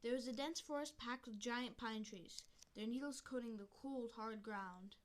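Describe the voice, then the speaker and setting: Woman, storyteller, reads animal story aloud, restarts lines, chatty asides, slightly high voice. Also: moderate pace.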